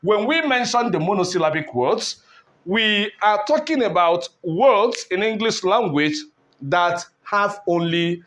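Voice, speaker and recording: A man teaching an English lesson at a board, speaking deliberately, repeating key words and asking rhetorical questions. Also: sits high, animated, fairly bright tone.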